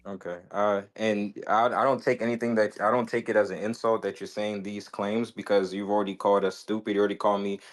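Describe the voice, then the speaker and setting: Hesitant lower-voiced man pushing back. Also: flat delivery, fast, few pauses. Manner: hesitant, restarts, pleads to be heard. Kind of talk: heated debate.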